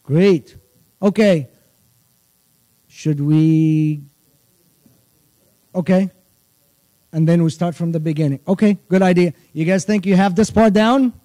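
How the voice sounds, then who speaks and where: Slow, mellow-voiced man teaching a chant. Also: sits high, no room sound, low-quality recording. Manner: patient, repeats phrases slowly, sings the verse drawn out. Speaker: church music teacher. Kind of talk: teaching a chant line by line to children. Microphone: livestream.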